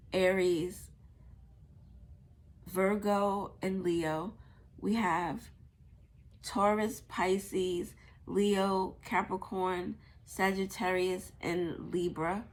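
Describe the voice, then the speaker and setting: A woman doing a casual tarot reading, thinking aloud, blunt and a bit profane. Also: medium pitch. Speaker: tarot reader.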